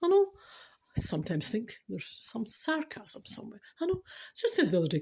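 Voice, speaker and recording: Emphatic Scottish woman with a husky voice. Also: on the high side, wildly swooping pitch, brisk, darkish tone. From Scotland. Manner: humorous, emphatic, self-mocking. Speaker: spiritual vlogger. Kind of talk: chatty spiritual talk to camera.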